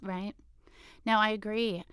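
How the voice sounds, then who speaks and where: A middle-aged woman in a candid interview, talking loudly and emotionally as she tells lively stories from her work in politics. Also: mid-range voice, takes it slowly, clean tone, no echo, studio quality. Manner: loud, emotional, animated storytelling. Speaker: state assemblywoman, guest.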